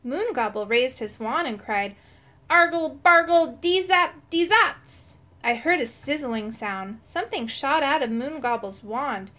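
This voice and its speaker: Expressive woman reading a children's book. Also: on the high side, normal speed, few pauses. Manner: expressive, shifting into character voices for quoted lines. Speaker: audiobook reader.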